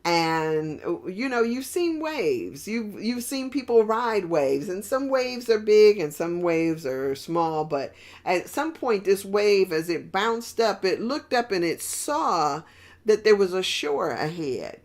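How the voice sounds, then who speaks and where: A woman's voice: mid-range voice, sing-song, takes it slowly, darkish tone. A woman preaching a sermon in a rambling, conversational way with many fillers and restarts.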